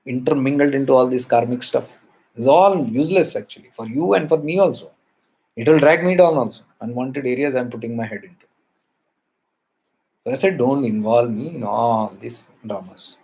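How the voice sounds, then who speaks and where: A man's voice: medium pitch, darkish tone, rough recording. A man, a spiritual teacher telling a story in an emphatic way, repeating phrases for stress.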